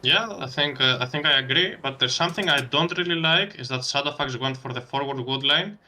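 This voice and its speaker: Bright-voiced male esports caster. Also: medium pitch, brisk. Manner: analytical, laughs easily. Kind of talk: game commentary.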